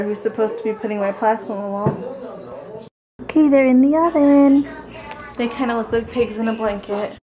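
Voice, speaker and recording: Her voice fairly high and a little mellow, a young vlogger in her twenties chats casually and teasingly, with plenty of giggles, indoors at home and in the car.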